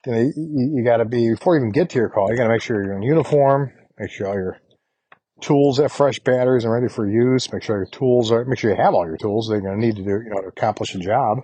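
Man, husky voice, casual instructional talk, rambling, mid pitch. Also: fast, dark tone. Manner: rambling, repeats "you know" and "right?". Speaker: podcast host coaching HVAC technicians.

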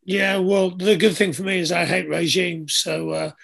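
A man's voice: high voice, flat delivery, moderate pace, vocal fry, fairly bright tone. A man, hosting an easygoing casual chat. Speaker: podcast host, former rugby player.

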